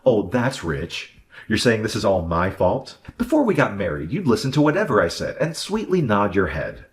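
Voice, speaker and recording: A man's voice: fairly low pitch, wildly swooping pitch, normal speed. A man playing a smug, arrogant husband. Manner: condescending, dismissive, then backpedaling. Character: selfish arrogant husband who loves fishing. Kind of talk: animated story voice acting.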